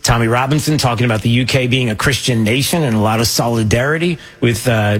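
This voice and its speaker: A man's voice: mid-range voice, breathy edge. A man hosting a casual commentary show, rambling and joking with many fillers and restarts. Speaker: host.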